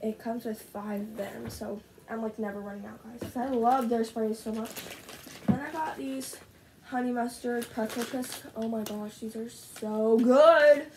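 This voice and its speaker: A teenage girl filming a casual haul video at home, gushing over each item with lots of "like" and "so good", her voice a little rough. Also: on the high side, fairly even intonation, moderate pace, background noise. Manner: gushing, bubbly, heavy use of "like". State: slightly rough voice. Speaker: vlogger. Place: at home, indoors. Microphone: camera set up in front of her.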